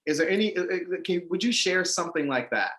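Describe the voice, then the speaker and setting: A woman's voice: lowish voice, animated, fast, fairly bright tone, roomy sound. A woman hosting a casual conversation, asking rambling questions with many fillers. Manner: searching, trailing questions with fillers. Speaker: host. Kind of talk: casual interview chat.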